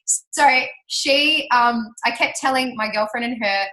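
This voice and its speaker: A woman telling a personal story to an audience, chatty and animated, laughing often and acting out what people said. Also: a little high, a little slow. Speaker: speaker sharing her business success story. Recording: roomy hall reverb.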